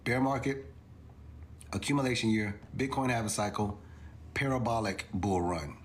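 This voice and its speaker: A man with a fairly low voice hosts a crypto livestream at a moderate pace, explaining charts to viewers amid slight background noise. He keeps repeating his points emphatically until he reaches incredulous exclamations.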